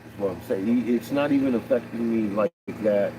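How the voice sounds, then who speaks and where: A man's voice: on the low side, moderate pace, noisy background. A man in his fifties talking candidly on a livestream, rambling and profane, often laughing and restarting his sentences. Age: 50s. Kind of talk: candid personal livestream talk.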